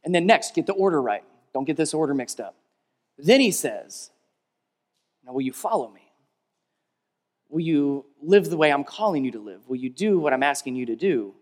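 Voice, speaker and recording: A male pastor delivering a sermon, leading a call-and-response and swinging between emphatic peaks and quiet, low stretches. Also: sing-song, normal speed, pauses often. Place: large church hall. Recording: long reverb of a large hall.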